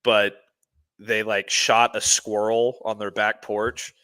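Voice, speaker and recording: Texan co-host, low voice with a bright punch, eager and stammering, casual "dude" talk. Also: male voice, flat delivery, slow pace, clean tone. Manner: enthusiastic, stammers and restarts, says "man" and "dude". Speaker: sports talk show co-host.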